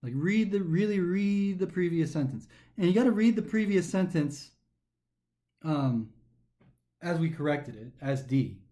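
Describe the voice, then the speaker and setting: Animated man explaining test answers. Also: high voice, a little slow. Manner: animated, thinks aloud, reads passages then comments. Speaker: test prep instructor.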